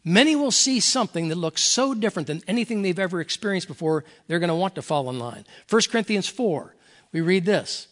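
A man's voice: high voice, animated, fairly quick, a bit bright. An older man, a pastor emeritus, preaching a folksy, earnest sermon and reading scripture aloud.

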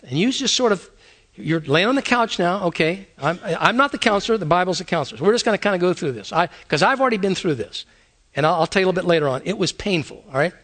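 A man's voice: high-pitched, fairly bright tone. A man preaching a conversational sermon, asking his listeners many rhetorical questions. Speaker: pastor.

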